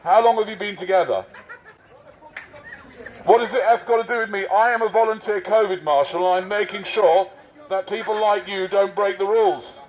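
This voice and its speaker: A man's voice: high voice, moderate pace. A man posing as a covid marshal on a city street, teasing passers-by in a mock-officious way. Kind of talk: satirical street performance. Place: busy city street outdoors. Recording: dull lo-fi street recording.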